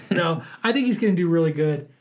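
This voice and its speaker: A man co-hosting a casual chat, relaxed and full of fillers like "like". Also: a little high, moderate pace. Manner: relaxed, filler-heavy, frequent "like". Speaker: podcast co-host.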